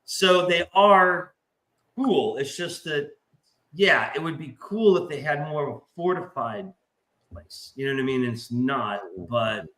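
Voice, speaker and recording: A man's voice: on the high side, a little slow. A man in casual chat, telling profane, rambling stories and acting out quoted voices. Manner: animated, acts out quoted voices. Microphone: remote stream call mic. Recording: roomy echo.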